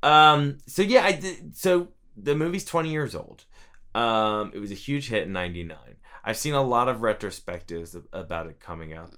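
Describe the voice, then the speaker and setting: Low, bright-voiced man rambling about movies. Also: animated, moderate pace. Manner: rambling, self-interrupting, laughs at himself. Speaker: podcast co-host. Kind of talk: casual movie discussion.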